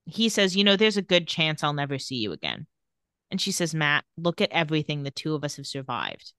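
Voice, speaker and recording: A woman co-hosting a casual recap podcast, retelling scenes and reading lines of dialogue in a flat, even voice. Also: low voice, brisk, no room sound, clean studio sound. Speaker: podcast co-host.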